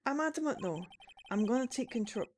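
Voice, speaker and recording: A woman voicing a gruff, good-natured male police detective in a put-on Scottish accent, reading game dialogue aloud on stream. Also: a little high, lively intonation, a little fast, a little mellow, slight background noise, voice pushed up, close to an everyday voice. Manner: blustering, calls people pal.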